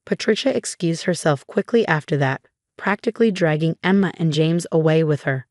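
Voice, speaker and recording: A woman reading a first-person revenge story in an even, measured narration. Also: sits low, no echo, studio quality.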